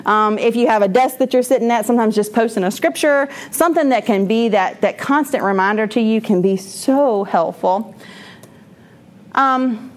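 A woman's voice: on the high side, moderate pace. A woman gives a candid, rambling personal testimony at a church moms' class, often restarting her sentences and laughing.

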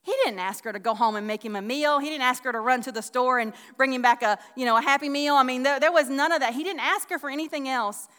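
A woman's voice: high-pitched, fast talker, few pauses, a bit bright, smooth. A woman giving a casual, conversational sermon, folksy and chatty with frequent restarts and asides. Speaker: Bible teacher. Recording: long hall reverb.

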